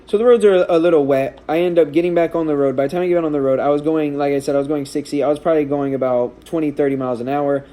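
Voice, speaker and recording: The stepdad vlogger talks fast with barely a pause, his warm voice sitting on the high side with fairly even intonation. Emotionally rattled, he rambles through a personal story, repeatedly restarting and using fillers.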